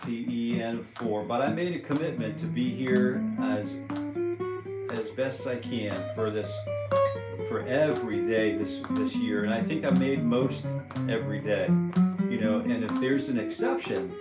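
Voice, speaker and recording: An American man with a medium-pitched, unhurried voice hosts a casual live-stream guitar lesson from home on a propped-up phone. He chats in a rambling way and counts rhythms aloud as he plays, with roomy echo beneath loud guitar.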